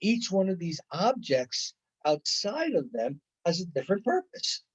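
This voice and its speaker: Chatty lecturer, slightly high male voice. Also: big pitch swings, unhurried, breathy edge, dull audio. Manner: conversational, with frequent "right?" check-ins and playful acted-out examples. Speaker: college instructor. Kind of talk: recorded classroom lecture.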